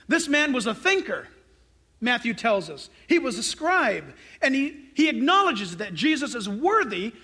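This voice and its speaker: A man's voice: very high-pitched, sharp tone. A male pastor preaching a sermon, emphatic and direct, firing rhetorical questions at his congregation.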